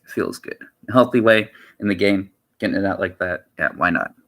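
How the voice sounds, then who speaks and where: A male streamer talks loosely to his viewers, wandering from point to point and repeating himself. His voice sits a bit low, yet it has a bright, forceful edge. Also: fairly quick. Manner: rambling, repeats himself, many "you know" fillers. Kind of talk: casual livestream chat.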